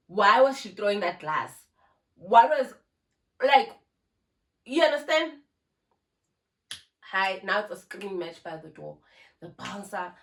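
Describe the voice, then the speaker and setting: Filmed on a phone camera with a ring light, a young YouTuber from South Africa recounts a relaxed storytime with animation, mixing in Zulu words. Her South African-accented voice is mid-range and a bit bright.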